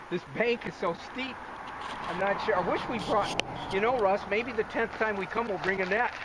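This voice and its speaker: A man talking straight to the camera from a river bank, folksy and excited and audibly out of breath. His voice sits a little high. Clear outdoor noise runs under the camera mic. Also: normal speed. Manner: excited, folksy, talks to viewers directly. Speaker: fishing show host. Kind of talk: outdoor fishing commentary.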